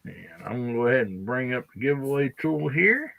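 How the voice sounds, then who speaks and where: A man hosting a live podcast in a relaxed, chatty way, laughing often and talking through a bout of hiccups. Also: medium pitch, a little fast, vocal fry, phone-quality sound. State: has the hiccups. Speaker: podcast host. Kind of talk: casual livestream chat.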